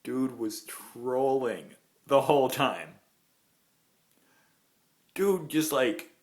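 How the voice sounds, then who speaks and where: Animated man telling a digressive story. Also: mid-range voice, extremely slow, long pauses. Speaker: vlogger. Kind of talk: storytime vlog. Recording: roomy echo.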